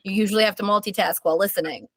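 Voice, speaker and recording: A woman's voice: medium pitch, very fast, a bit bright, dry recording. A young woman, a tabletop game player, chatting casually on a podcast, giggly and full of hesitant restarts.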